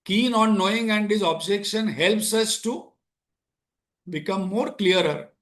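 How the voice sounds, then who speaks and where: Male spiritual teacher, high voice, lectures through rhetorical questions. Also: measured pace, a bit bright. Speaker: Vedanta teacher.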